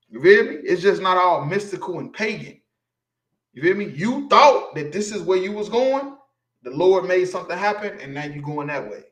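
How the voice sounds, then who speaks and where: A man delivers an informal street sermon, emphatic and insistent, and keeps checking that his listeners follow. His voice sits a little higher than most men's. The recording rings with room echo. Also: fairly bright tone. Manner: emphatic, preachy, keeps asking "you feel me". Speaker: street preacher teaching scripture.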